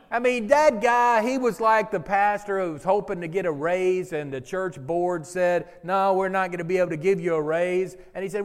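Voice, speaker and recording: Brief: higher-voiced male pastor, lively storyteller, long church reverb. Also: normal speed, few pauses, clean tone. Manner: animated storyteller, gets loud and drawn out for emphasis. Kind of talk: sermon with humorous stories. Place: church sanctuary with congregation.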